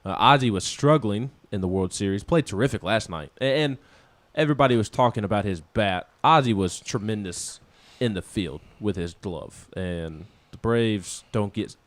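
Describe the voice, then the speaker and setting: A man with a low voice chats casually about sports, circling back and restarting his sentences as he goes. The studio sound is dry and close, with no room around him. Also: moderate pace, few pauses, no echo. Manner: rambling, many restarts, laughs at himself. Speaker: co-host of a sports talk show. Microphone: studio microphone.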